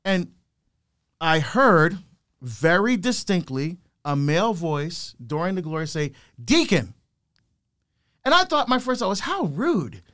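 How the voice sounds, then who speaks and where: This middle-aged man's voice sits high and sounds clear and resonant, with a slightly slow delivery. He's a deacon speaking as a guest, animatedly recounting his life and acting out the people he quotes.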